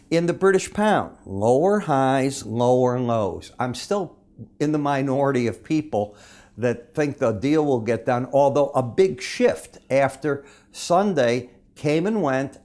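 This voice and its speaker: A man's voice: mid-range voice, a little mellow. A man giving daily market chart commentary, talking to viewers in a conversational way, calling them folks and asking himself questions before he answers them.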